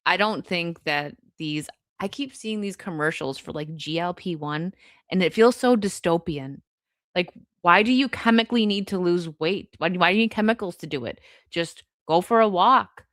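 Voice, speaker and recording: A young woman hosting a live stream, reading chat and chatting casually, laughing often with quick asides. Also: on the low side, a bit bright, no echo, clean studio sound.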